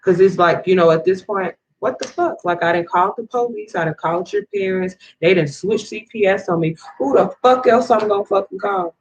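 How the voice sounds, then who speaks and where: A woman's voice: mid-range voice, a little fast, hardly any pauses, a little hiss or hum, poor audio. A woman in an angry, profane rant to camera, swearing heavily and rambling with restarts as she vents. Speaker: vlogger.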